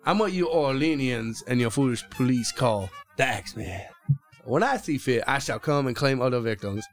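A man voicing a boastful demon axe murderer in a put-on Cajun accent, drawling slowly and calling people boy and baby. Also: mid-range voice, lively intonation, soft background music, lightly acted. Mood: menacing drawl. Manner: slow drawling delivery, calls listeners boy and baby. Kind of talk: dramatic letter reading.

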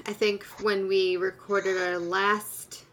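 A woman's voice: mid-range voice, flat delivery, takes it slowly, fairly bright tone, a little hiss or hum. A woman co-hosting a gaming podcast in casual chat, rambling and correcting herself as she goes, laughing easily. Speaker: podcast co-host.

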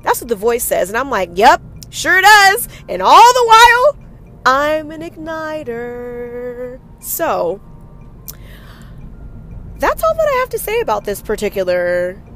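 A woman hosting a solo motivational podcast, talking in an energetic, emphatic and casual way with some swearing. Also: mid-range voice, a little hiss or hum. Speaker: podcast host.

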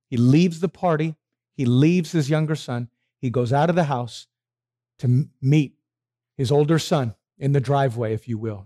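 A man's voice: mid-range voice, moderate pace, long pauses. A man preaching a sermon, asking his listeners questions and answering them himself. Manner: animated, asks the congregation questions and answers them.

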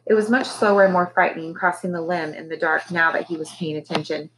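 A woman teacher reading a children's novel aloud with expressive storytelling. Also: lowish voice, quick pace, noisy background.

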